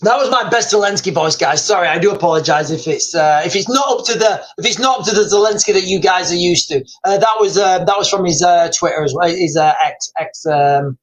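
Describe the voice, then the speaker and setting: Speaking quickly with hardly a pause, this British livestream host has a high voice and chats loosely about the news, peppering his talk with "guys" and "like." It's a low-quality recording.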